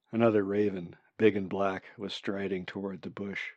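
A man reading his own book aloud as audiobook narration, measured and unhurried. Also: fairly low pitch, little pitch movement, darkish tone, dry recording, lo-fi sound.

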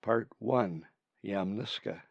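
Slow, gravelly man reading his book. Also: lowish voice, no echo, lo-fi sound. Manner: measured, unhurried reading. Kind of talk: audiobook narration.

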